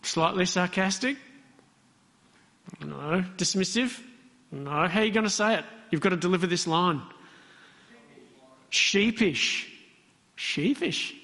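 This preacher's voice sits high and sounds gravelly and sharp; he's animated but takes it slowly, pausing often. Speaking conversationally in a church hall with long reverb, he poses questions to the congregation during his interactive sermon.

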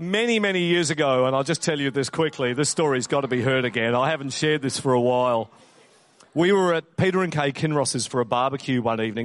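A man preaching a sermon in a lively storytelling way, acting out the voices in his anecdotes. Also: on the high side, dry recording. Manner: animated storyteller who acts out the voices.

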